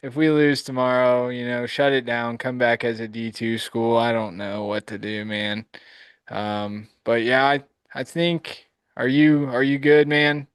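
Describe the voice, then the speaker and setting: Laid-back guy on a sports podcast, slow and teasing, smooth clear voice, dry sound. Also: mid-range voice, steady tone, no room sound. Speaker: podcast co-host. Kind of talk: live sports podcast chat.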